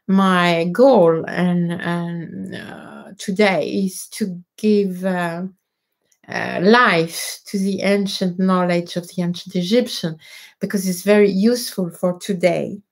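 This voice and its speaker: A woman with a French accent, a native French speaker, hosting a casual live question-and-answer stream, hesitant with many fillers and restarts. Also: on the low side. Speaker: livestream host answering viewer questions.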